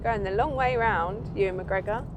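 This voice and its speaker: A woman from Somerset with a Somerset accent, chatting playfully and joking from inside a car. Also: moderate pace. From Somerset, England. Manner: playful, jokey. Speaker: van build vlogger. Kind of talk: casual chat in a car. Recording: car rumble and road noise.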